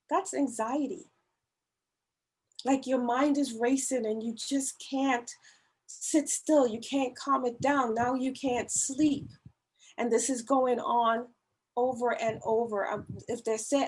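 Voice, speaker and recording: A woman gives a church talk on caring for others, speaking slowly and earnestly. Her voice sits a little high and has a husky edge. She presses her points with emphatic pleading. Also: steady tone, a little mellow, low-quality recording. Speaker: women's ministry speaker. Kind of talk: church talk on mental health. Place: church service, online meeting.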